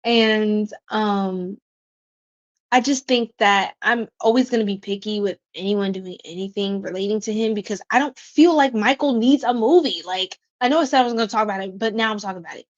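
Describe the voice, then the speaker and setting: A woman's voice: medium pitch, fairly quick. A woman hosting a tarot livestream, chatting casually and bubbly with her viewers, reading their comments aloud, laughing often and using slangy asides. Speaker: tarot reader livestream host. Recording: dull lo-fi stream audio.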